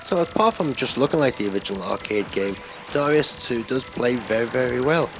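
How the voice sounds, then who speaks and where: A man giving a relaxed, rambling voice-over commentary on a retro game, with lots of filler words. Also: medium pitch, a little fast, creaky. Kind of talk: casual gameplay commentary voice-over. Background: game music.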